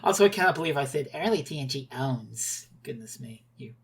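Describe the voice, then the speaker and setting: A woman's voice: a bass voice, animated, a little fast. A woman hosting a podcast in casual chat, exclamatory and laughing often, with some swearing. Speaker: podcast host.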